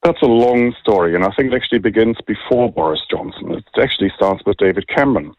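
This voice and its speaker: German-accented man, low voice, lo-fi line. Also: animated, fast talker, no room sound. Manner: articulate and explanatory, dry humour. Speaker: think tank director, guest. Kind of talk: radio interview.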